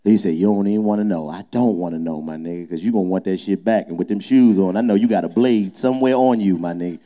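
A man's voice: low-pitched, fast talker, dark tone, highs cut off. A young adult man, a comedian, doing a boisterous, profane, teasing improvised roast inside a small nightclub.

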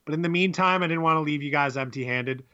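A man's voice: fairly high pitch, fast talker, bright, forceful tone, lo-fi sound. A young man co-hosting a podcast, rambling and laughing as he tells stories, swearing freely. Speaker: podcast co-host. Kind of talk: casual chat.

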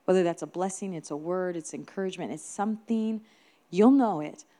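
A woman's voice: on the low side, a little fast, dark tone. A woman minister preaching a sermon in an earnest, emphatic way, building her points with repeated phrases.

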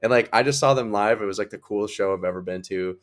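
A man with a fairly low voice co-hosts a casual podcast chat. He rambles excitedly and peppers everything with "like". His talk tumbles along in eager bursts. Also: fast talker. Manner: rambling, heavy use of "like", excitable. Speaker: podcast co-host.

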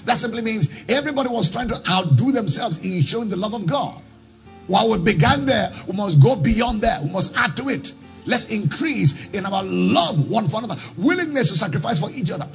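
A man preaching a sermon as pastor, swinging into sung, chanting lines and shouted calls to the congregation. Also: high-pitched, very animated, fairly quick, creaky, faint music behind.

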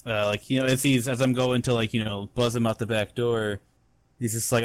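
A man's voice: mid-range voice, little pitch movement, normal speed, no echo. A young man co-hosting a podcast, telling a rambling story full of swearing in casual chat. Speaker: podcast co-host.

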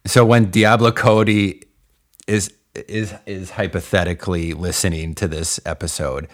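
A man with a deep, low voice co-hosts a film podcast. He talks casually and wryly, joking with his co-host and reading the sign-off. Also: fairly even intonation, unhurried. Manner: wry, joking, reads the sign-off.

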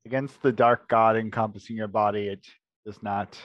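A man's voice: fairly low pitch, fairly even intonation, moderate pace, no room sound, muffled recording. A man running a tabletop role-playing game, narrating the scene to his players in a loose, conversational way. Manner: conversational, with frequent restarts. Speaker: game master.

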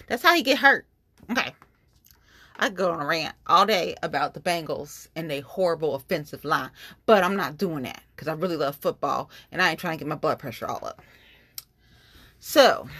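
Blunt, profane woman with a low voice. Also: no room sound. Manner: blunt, profane, animated venting with slang. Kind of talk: casual rant to listeners.

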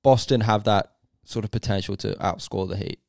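Gravelly man chatting sports. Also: fairly low pitch, fairly even intonation, moderate pace, a little mellow, dry recording, studio quality. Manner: chatty, hedging, teasing. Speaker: podcast co-host. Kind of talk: casual sports chat.

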